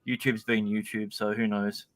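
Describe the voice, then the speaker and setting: Um homem da Austrália, convidado de podcast, conversando de forma falante e um pouco dispersa. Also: male voice, fairly low pitch, flat delivery, normal speed, no echo. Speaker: podcast guest, YouTuber. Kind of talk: casual chat.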